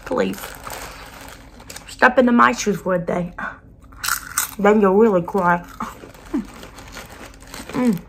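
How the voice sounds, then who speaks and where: A woman's voice: mid-range voice, slow pace, long pauses, a bit bright, a little hiss or hum. Woman playing Charlotte, a blunt New Jersey counselor. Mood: grumbling. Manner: blunt, self-centered, keeps calling the listener sweetie. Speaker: school counselor. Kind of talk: whispered role-play.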